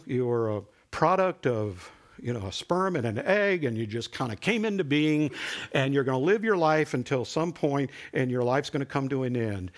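A man preaching a sermon in a conversational, animated way, building to emphatic peaks. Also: medium pitch.

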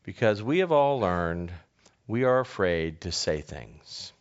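A man preaches in a conversational, storytelling way, stopping to ask his listeners questions and often restarting his sentences. His voice sits at a middle pitch, and the recording sounds dull and lo-fi. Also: sing-song, measured pace. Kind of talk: conversational sermon.

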